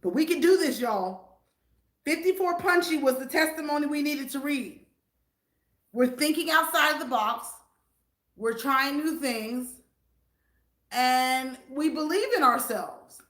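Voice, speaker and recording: An older woman with a Southern US accent chatting on a live stream in an animated, preachy way. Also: sits high, slow pace, long pauses, echoey room. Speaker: vlogger. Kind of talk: casual live-stream chat.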